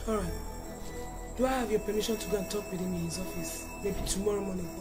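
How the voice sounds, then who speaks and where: An actress playing a calm friend who probes and reassures. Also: female voice, mid-range voice, normal speed, over loud music, lightly acted. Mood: reassuring. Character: calm, sensible female friend. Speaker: confidante. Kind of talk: Nollywood film acting.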